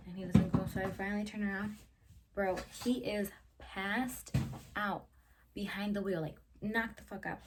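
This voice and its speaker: A woman's voice: medium pitch, fairly even intonation, fairly quick. A young woman in her twenties chatting casually to camera in a Q&A, telling stories and saying "like" constantly, with frequent swearing. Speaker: vlogger. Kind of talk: casual Q&A storytelling. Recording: voice a little distant from the mic, faint ambient noise.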